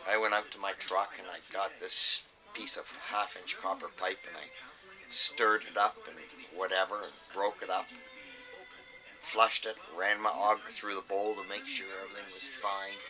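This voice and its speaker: A man's voice: low voice, flat delivery, normal speed, music in the background, rough recording. A middle-aged man, a plumber telling a work story in a blunt, salty way. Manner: blunt, salty, swears freely. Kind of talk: casual storytelling.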